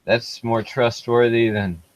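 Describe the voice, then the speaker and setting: A man's voice: medium pitch, steady tone, takes it slowly, no echo, poor audio. A man joining a casual chat as a guest over an online call, hesitant and often asking to hear things again. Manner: hesitant, restarts, asks to repeat.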